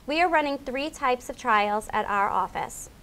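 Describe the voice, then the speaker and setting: A woman reading a scripted explanation of clinical trials in a clear, measured way, as a member of a trial team. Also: sits high, animated, fairly bright tone. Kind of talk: scripted informational narration.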